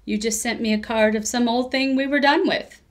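A woman's voice: fairly high pitch, fairly even intonation, normal speed, voice pushed up, lightly acted. A woman putting on a poor British accent to voice a prim, politely sarcastic British woman. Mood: mock polite. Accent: British, put on poorly. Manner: dry mock-politeness, breaking into laughter.

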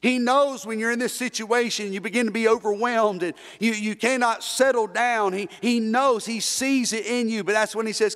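High-voiced preacher in a reverberant church. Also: male voice, steady tone, normal speed, few pauses, a bit bright. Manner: fervent, repetitive preaching with call-and-response. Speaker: pastor. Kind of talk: sermon. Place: church sanctuary. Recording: long reverb in a church hall.

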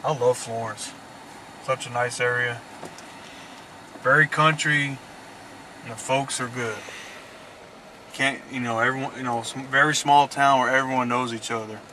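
A man's voice: medium pitch, fairly even intonation, measured pace, long pauses, pushed and bright, far from the mic. A man from Mississippi with a Southern accent, chatting casually and laughing often as he hosts a driving vlog. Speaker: vlog host. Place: inside a moving car. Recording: car and road noise. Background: road and car noise.

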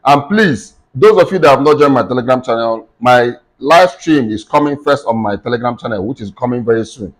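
A man hosting a screen-recorded software tutorial, explaining steps in plain instructive talk with frequent fillers like "okay" and "um". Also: mid-range voice, expressive, fairly quick, few pauses, rough recording. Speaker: tech tutorial host.

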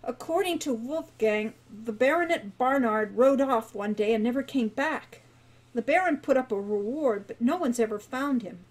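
A woman's voice: on the high side, moderate pace, lightly acted. A woman reading as a fretful teenage boy. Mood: worried. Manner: fretful, gloomy, quiet. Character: worried anxious teenage boy.

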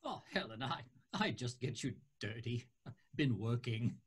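A woman voicing a gentle older male builder who talks hesitantly and stammers. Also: very deep voice, lively intonation, measured pace, slightly rough, voice pushed down, exaggerated voice.

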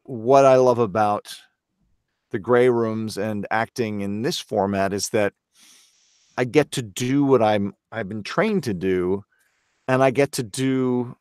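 A man's voice: lowish voice, slow, darkish tone, smooth, dry recording, studio quality. A man from Canada, a voice actor guest, talking earnestly and self-critically in a casual podcast interview.

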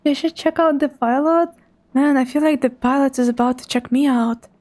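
A woman's voice: high-pitched, fairly even intonation, moderate pace, a little mellow. A woman streamer giving live commentary on a horror game, talking to her chat and dropping to a whisper when she gets scared.

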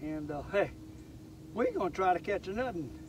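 An older man, hosting a fishing vlog from a boat, talking to viewers in a folksy, excitable way. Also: high voice, fairly quick. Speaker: fishing channel host. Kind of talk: casual fishing vlog narration. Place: outdoors on a boat on a lake. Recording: outdoor boat noise, mic at a distance.

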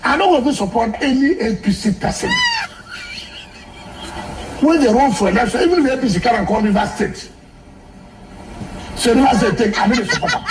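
A man's voice: very high-pitched, lively intonation, moderate pace, long pauses, background noise. A Nigerian man in a replayed interview clip, joking and laughing as he talks. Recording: roomy, distant clip.

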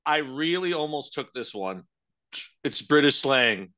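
A young man co-hosting a casual podcast, laid-back and jokey, tossing out quick asides. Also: medium pitch, expressive, bright, forceful tone, smooth. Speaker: podcast co-host. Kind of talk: casual chat.

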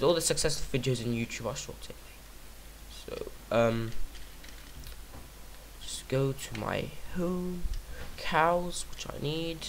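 A man's voice: fairly high pitch, a little hiss or hum. A man giving casual let's-play commentary on his own game, rambling and silly, talking to himself and singing nonsense syllables. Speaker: gaming YouTuber.

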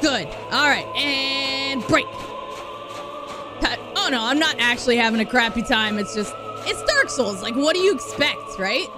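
A woman's voice: high-pitched, lively intonation, a little slow. A woman streamer talking chattily and expressively to her chat while she plays a game, swinging from gushing to grumbling. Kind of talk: live game streaming commentary. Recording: game music playing behind.

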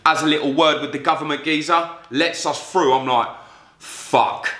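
A man's voice: fairly high pitch, fairly even intonation, brisk, bright, forceful tone. A man, telling a story bluntly and swearing a lot in a vlog. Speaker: vlogger. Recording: roomy echo.

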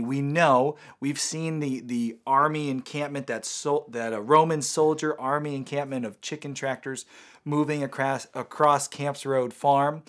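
A man hosting a casual show, playfully hyping up the next round. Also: mid-range voice. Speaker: show host.

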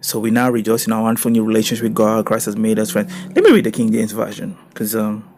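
A male pastor preaching a sermon and reading scripture, swinging between soft reading and loud emphatic exclaiming. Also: on the low side, fast talker, slight background noise.

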